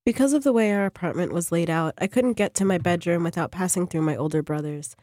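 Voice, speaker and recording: A woman's voice: on the low side, dry recording, clean studio sound. Woman reading her short fiction aloud. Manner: measured, even literary reading. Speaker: fiction writer.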